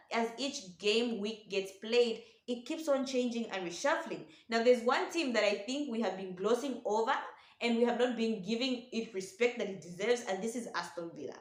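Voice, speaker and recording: Opinionated woman football pundit, echoey room. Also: on the high side. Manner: opinionated, addresses viewers as ladies and gentlemen. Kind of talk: casual football commentary to camera.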